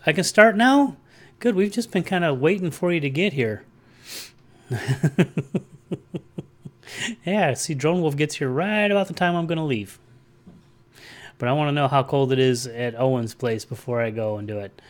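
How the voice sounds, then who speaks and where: A man hosting a casual livestream, chatting in a rambling way and answering viewer comments aloud. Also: mid-range voice. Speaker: livestream host.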